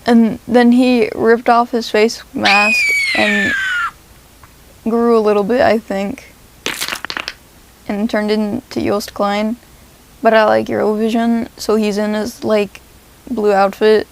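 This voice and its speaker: A woman telling a rambling, absurd comedic story in a deadpan way. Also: medium pitch, takes it slowly, creaky, long pauses, noisy background.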